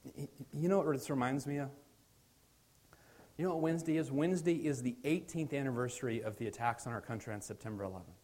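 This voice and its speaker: A man in his thirties preaching a sermon, earnest, moving between loud emphasis and soft, hushed lines. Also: mid-range voice, fast talker. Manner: earnest, shifts from loud stress to quiet near-whispers. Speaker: pastor.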